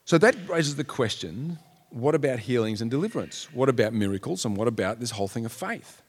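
A man's voice: medium pitch, lively intonation, a little fast, slightly rough. A man preaching a sermon in an earnest way, now and then acting out the people in a story. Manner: earnest, acts out quotes in raised voices. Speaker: pastor. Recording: long hall reverb.

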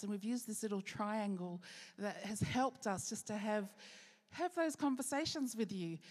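Woman pastor, sermon, earnest questions, emphatic slow phrases, long hall reverb. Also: fairly high pitch. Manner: earnest preaching, rhetorical questions, slows for emphasis. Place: church hall.

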